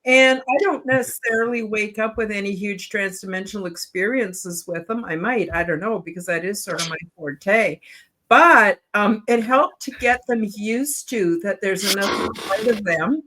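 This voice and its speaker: A woman in her seventies hosting a panel over a video call, talking in a rambling, halting way with lots of fillers and restarts. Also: medium pitch, a bit bright. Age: 70s. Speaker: show host. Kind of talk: casual panel chat.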